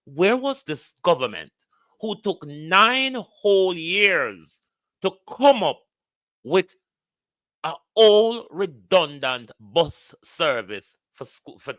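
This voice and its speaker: A man's voice: on the high side, pushed and bright, dry recording. A Jamaican man vlogging heated political commentary, ranting bluntly and swearing freely.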